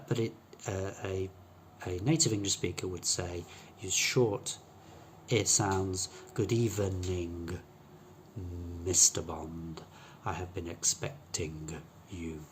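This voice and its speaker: A man with a lowish voice gives an English pronunciation lesson, with a little hiss or hum on the recording. He explains patiently, using fillers and restarts, and demonstrates sounds by contrasting them.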